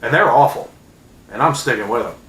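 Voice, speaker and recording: Bright-voiced furious man ranting. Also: mid-range voice, lively intonation, fairly quick, echoey room, a little hiss or hum, rough recording. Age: 30s. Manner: furious, profane, sarcastic, with loud outbursts. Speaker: vlogger. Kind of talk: angry sports fan rant.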